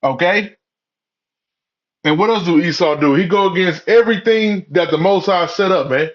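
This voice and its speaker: High-pitched and speaking at a regular clip, this religious commentator rambles through a profane sermon-like rant packed with "you know" and "man." The sound quality is muffled lo-fi.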